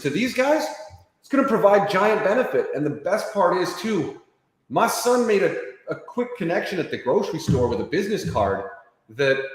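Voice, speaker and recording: Man, interview guest, animated pitch, slightly high voice, heavy echo, long reverb. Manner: energetic, animated storytelling, acting out quoted people. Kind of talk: enthusiastic sales pitch in an interview. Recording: very echoey room with long reverb.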